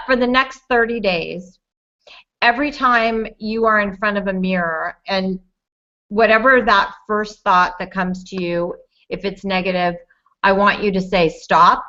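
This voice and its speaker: Woman guest, bright and crisp, upbeat coaching, lo-fi sound. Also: mid-range voice. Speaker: guest, entrepreneur. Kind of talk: interview answers. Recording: dull lo-fi audio.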